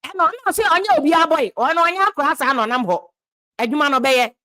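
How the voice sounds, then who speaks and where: A woman's voice: sits high, brisk, pushed and bright. A woman with a Ghanaian accent giving passionate political commentary, switching between English and Twi and repeating words for emphasis.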